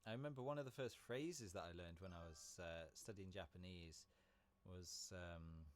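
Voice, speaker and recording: A man's voice: low voice, normal speed, slight background noise. A man chatting casually while live-streaming a game, rambling and laughing easily. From Britain.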